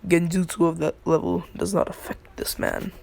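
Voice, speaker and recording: Rambling, creaky fan-story teller. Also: medium pitch, little pitch movement, normal speed, a little mellow. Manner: rambling, laughs at own jokes, lots of "like". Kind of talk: casual spoken fan-fiction storytelling.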